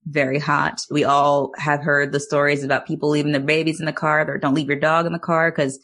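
A woman's voice: sits low, level tone, brisk, fairly bright tone. A woman co-hosting a podcast, recapping a film in loose casual chat full of "like"s and the odd swear word. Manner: chatty, many "like"s, swearing, laughs easily. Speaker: podcast co-host.

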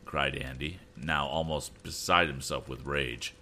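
A man hosting a storytelling show, reading a classic novel aloud in a relaxed way with chatty asides. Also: rumbling low, a little slow, few pauses. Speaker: storytelling host.

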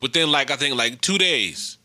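A man co-hosting a casual podcast chat, excitable and enthusiastic, a father talking about his kids. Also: mid-range voice, normal speed, no echo, studio quality. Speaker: podcast co-host.

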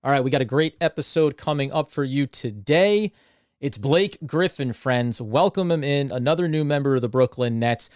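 A man hosting a basketball podcast, talking in a smooth, upbeat and fluent way. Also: medium pitch, normal speed, no room sound, clean studio sound. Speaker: podcast host, basketball analyst. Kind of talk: casual sports podcast chat.

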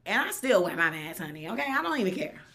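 A woman's voice: mid-range voice, fast. Chatty young woman podcast co-host. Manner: chatty, animated, laughs often. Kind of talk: casual chat.

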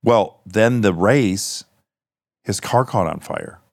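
Low-voiced man telling a story. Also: slow pace, no room sound, studio quality. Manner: animated storyteller, swears freely. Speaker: podcast host. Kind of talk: casual chat.

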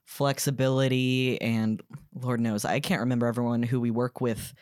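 A young trans woman talking candidly as a podcast guest, turning animated when she retells exchanges. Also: very deep voice, moderate pace, dry recording, clean studio sound. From American South. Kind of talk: casual podcast conversation.

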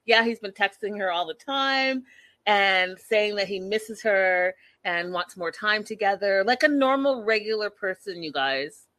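A woman's voice: mid-range voice, unhurried, no echo. Gossipy woman recapping to viewers. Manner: gossipy, animated, laughs often, addresses viewers. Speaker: reality TV recap host. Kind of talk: casual chatty recap.

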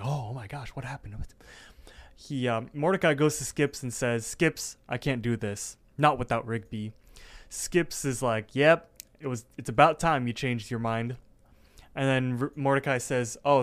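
With a smooth, mid-range voice, a man co-hosting a podcast walks through a cartoon episode in a loose, rambling way, stumbling through plenty of fillers and restarts.

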